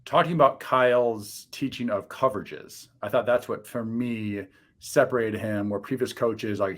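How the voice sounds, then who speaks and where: A lower-voiced man in his forties hosts the conversation. He frames his questions thoughtfully and often pauses and restarts mid-thought. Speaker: podcast host, former quarterback. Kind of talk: conversational interview.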